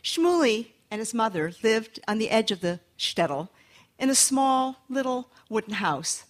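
Lively woman telling a folktale. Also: on the high side, unhurried. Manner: lively, animated, inviting listeners to join. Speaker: storyteller. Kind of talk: folktale storytelling to an audience.

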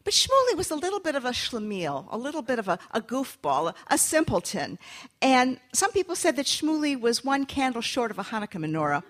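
Brief: woman storyteller, animated pitch, slightly high voice, folktale for listeners. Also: fairly quick. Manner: lively, animated, inviting listeners to join.

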